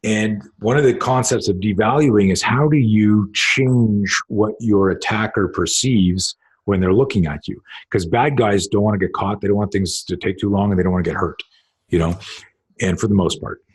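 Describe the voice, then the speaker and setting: Husky-voiced man telling stories. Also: lowish voice, moderate pace. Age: middle-aged. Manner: animated, rambling, profane, acts out quotes. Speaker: self-defense coach. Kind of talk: casual storytelling in a podcast interview.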